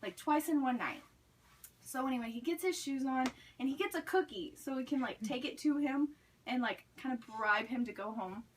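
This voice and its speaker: High-voiced chatty young woman storyteller. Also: brisk, slight background noise. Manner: chatty, many "like" fillers. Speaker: student speaker. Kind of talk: storytelling speech. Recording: recorded from a distance.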